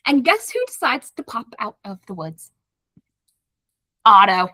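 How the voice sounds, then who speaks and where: Podcast co-host, woman, bright and lively, recaps the plot with acted-out quotes; close, dry mic. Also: on the high side, measured pace, no room sound. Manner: animated retelling, acting out characters' lines. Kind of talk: casual book club chat.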